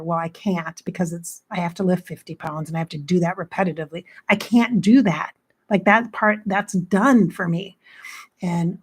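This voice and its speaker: A woman's voice: on the low side, moderate pace, breathy edge. A woman life coach talking casually and frankly to her viewers, blunt and chatty, swearing freely and quoting herself as she goes. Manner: chatty, quotes herself with "I'm like". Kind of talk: casual motivational talk to camera.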